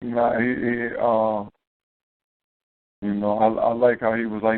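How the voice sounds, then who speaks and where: A man's voice: fairly low pitch, flat delivery, unhurried, dry recording. A man hosting a casual talk radio show, loose and slangy, repeating his phrases. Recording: tinny phone line.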